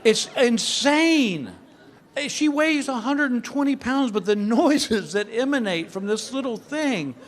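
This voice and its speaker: Give me an older man doing stand-up on a club stage, lively and exasperated. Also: extremely high pitch, a little slow. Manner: animated storytelling, mock exasperation. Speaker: stand-up comedian. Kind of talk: stand-up comedy routine.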